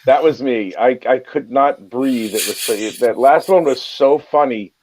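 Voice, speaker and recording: A man co-hosting a livestream in casual chat, excitable and laughing, swearing freely. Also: medium pitch, unhurried, a little hiss or hum, poor audio. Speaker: livestream co-host.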